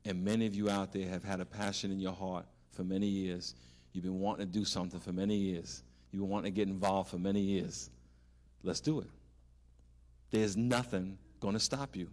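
A male pastor delivering a sermon in a church hall. His voice sits a little low and he preaches with big animated rises, then drops to a hushed, earnest prayer. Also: a little fast.

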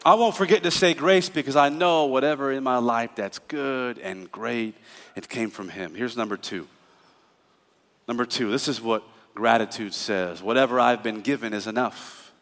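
A middle-aged male pastor preaching a sermon in a church, telling stories and building up to shouted praise. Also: mid-range voice, moderate pace. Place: church auditorium. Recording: reverberant church hall.

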